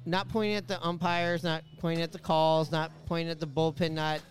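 A man's voice: a little high, a little fast, faint music behind. A man hosting a casual sports podcast, joking around and swearing freely. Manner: excitable, swears freely, jokey. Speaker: podcast host. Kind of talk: casual chat.

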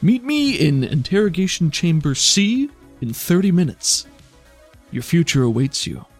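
A man's voice: fairly high pitch, very animated, unhurried, faint music behind, pitched above the performer's own voice. A man voicing a pompous male squad leader who speaks in a lofty, self-satisfied way. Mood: pleased.

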